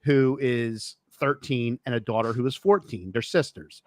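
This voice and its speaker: A man's voice: mid-range voice, normal speed, a little mellow, no echo. A man on a podcast as a guest, telling rambling, profane stories in casual chat. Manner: rambling storyteller, swears freely.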